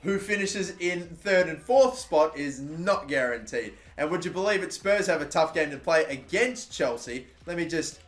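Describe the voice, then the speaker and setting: A man with an Australian accent commentating his own football video game session, excitable and swearing often, shouting at his players. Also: on the high side, normal speed, few pauses. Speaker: gaming YouTuber. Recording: echoey room with faint background noise.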